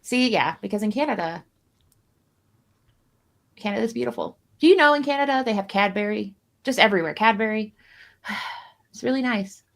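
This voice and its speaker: A woman's voice: medium pitch, fairly bright tone. Rambling, self-mocking woman streamer. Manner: rambling, self-deprecating, jokey. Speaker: streamer co-host. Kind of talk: casual stream chat about a card game.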